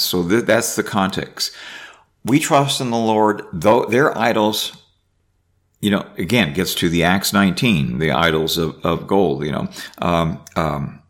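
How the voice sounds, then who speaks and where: A man's voice: low voice, a little slow. A man giving an informal Bible teaching, reading verses aloud and commenting with frequent restarts. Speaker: preacher.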